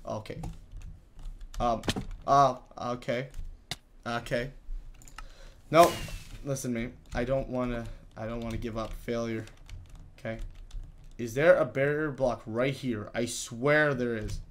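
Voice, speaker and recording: A man giving live gameplay commentary, talking to himself in frustrated, excitable bursts with many restarts. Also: mid-range voice, normal speed. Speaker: gaming YouTuber.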